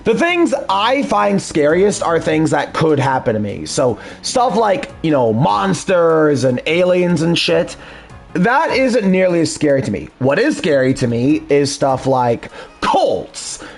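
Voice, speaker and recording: Guy dubbing a game, going off on tangents, lively voice, faint music behind. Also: on the high side, measured pace, creaky. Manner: rambling tangents, swears casually. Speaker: let's play dubber. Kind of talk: casual commentary over a game.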